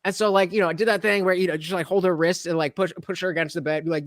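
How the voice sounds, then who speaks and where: A man's voice: high-pitched, steady tone, very fast, a bit bright, dry recording, clean studio sound. A man hosting a casual panel chat, telling stories in a rambling, profane way. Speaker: host.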